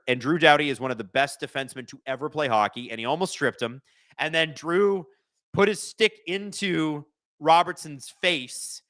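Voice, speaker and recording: A man hosting a live watch-along stream, commenting on the game, joking and reading out viewers' chat messages. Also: mid-range voice. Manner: excitable, joking, chats with viewers.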